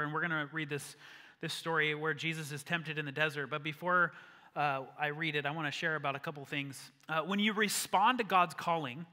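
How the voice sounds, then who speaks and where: Man, pastor, earnest sermon, emphatic peaks, sharp bright tone, echoing church hall. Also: fairly high pitch. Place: church sanctuary. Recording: long church-hall reverb.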